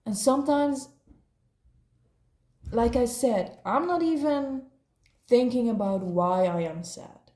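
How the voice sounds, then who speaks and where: A woman leads a casual spiritual reading at an unhurried pace. Her voice is mellow and a little dark, and she rambles and slips in slang as she goes. The sound echoes around a roomy space. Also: a little high, lively intonation. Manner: rambling, laughing, slangy ("bruh", "eh"). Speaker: tarot reader.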